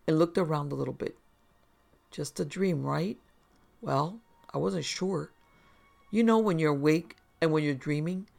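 A narrator reading first-person horror stories aloud in a steady, measured way, as scripted storytelling. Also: medium pitch, creaky.

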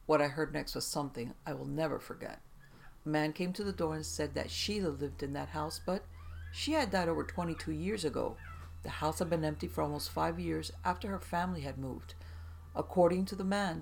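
Gravelly voice reading first-person stories, middle pitch, steady even delivery. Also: a little hiss or hum. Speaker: storyteller. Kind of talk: first-person story narration.

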